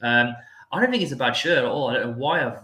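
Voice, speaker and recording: A man's voice: mid-range voice, animated, fast, sharp tone, roomy sound. A man chatting as a podcast guest, rambling and poking fun at himself. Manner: rambling, self-mocking, laughs often. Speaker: guest panelist. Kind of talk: casual podcast chat.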